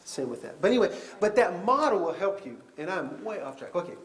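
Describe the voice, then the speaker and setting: A man teaching a counseling class in a conversational, animated way, acting out little scenes of dialogue as he explains. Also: sits high, brisk, reverberant, crowd noise. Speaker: pastoral counseling lecturer. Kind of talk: classroom lecture.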